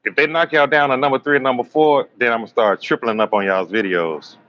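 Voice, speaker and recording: A man's voice: medium pitch, fairly even intonation, quick pace, fairly bright tone. A man hosting a live astrology stream, chatting casually with viewers in a joking, teasing, rambling way. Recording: slightly dull lo-fi stream audio with faint room noise.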